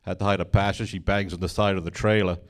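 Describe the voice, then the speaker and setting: A man's voice: sits low, level tone, quick pace. A man in his forties with an English accent, doing stand-up with dry, mock-indignant punchlines. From England. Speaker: stand-up comedian. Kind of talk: stand-up comedy.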